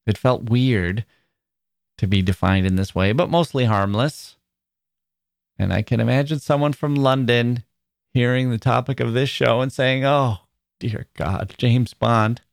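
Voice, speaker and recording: A man's voice: medium pitch, moderate pace, gravelly, no echo, clean studio sound. Thoughtful man musing on a podcast. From Wisconsin, USA. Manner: thoughtful, wry, with small self-corrections. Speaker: podcast host. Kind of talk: reflective spoken essay.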